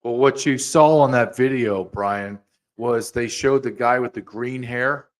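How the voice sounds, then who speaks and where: A man's voice: mid-range voice, measured pace. A man hosting a podcast, ranting angrily in heated commentary, with frequent restarts and repeated words. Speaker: podcast host.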